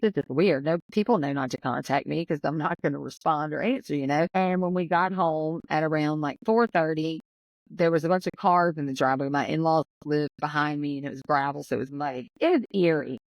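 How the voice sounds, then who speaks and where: A woman's voice: sits low, fairly quick, dry recording, lo-fi sound. Emotional woman, dry close sound. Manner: emotional, tells her story with quoted voices. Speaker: guest. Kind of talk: personal storytelling.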